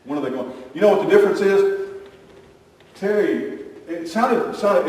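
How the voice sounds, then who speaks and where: An older man preaching a sermon, telling folksy family stories and acting out the voices in them. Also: mid-range voice. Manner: folksy storytelling, animated quoting. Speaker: pastor. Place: church sanctuary. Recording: echoey hall, distant mic, faint ambience.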